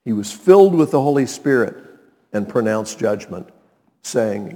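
A man's voice: lowish voice, expressive, a little slow, dark tone. A man preaching a sermon as pastor, emphatic and checking in with his listeners. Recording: long reverb in a large hall.

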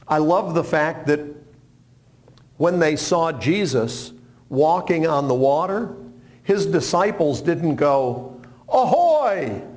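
Male preacher, slightly high voice, unhurried, playful sermon storyteller. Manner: animated, humorous storytelling with acted-out quotes.

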